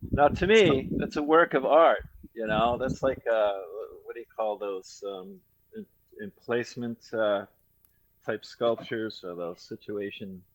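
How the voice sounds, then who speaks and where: A man's voice: mid-range voice, unhurried, a little hiss or hum, poor audio. A middle-aged man from Rhode Island co-hosting a podcast, chatting casually, joking and rambling, laughing often. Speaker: podcast co-host. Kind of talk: casual chat.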